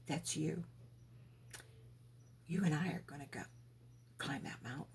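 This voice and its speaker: A woman voicing God as a gentle, reassuring male figure who speaks softly and slowly. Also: medium pitch, slight background noise, lightly acted. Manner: soft, hushed and slow.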